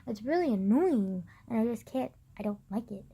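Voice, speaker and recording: A young woman with a slightly high voice rants casually to her viewers. She sounds exasperated and sarcastic, packs "like" into nearly every phrase and swears now and then. Sometimes she mimics other people in over-the-top put-on voices. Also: animated, moderate pace, warm tone, slightly rough. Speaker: vlogger. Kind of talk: casual rant.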